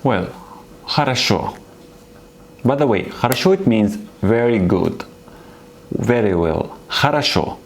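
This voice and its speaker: A man whose first language is Arabic teaches beginners, speaking slowly and patiently. His voice sits a little low, and he repeats each word encouragingly. A faint hiss of noise runs under the recording. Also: expressive. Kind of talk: slow beginner language lesson.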